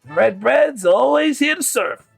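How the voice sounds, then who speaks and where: A man voicing a friendly, pushy male gang recruiter with a smooth, ingratiating manner. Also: very high-pitched, sing-song, normal speed, faint music behind, pitched above the performer's own voice, full character voice.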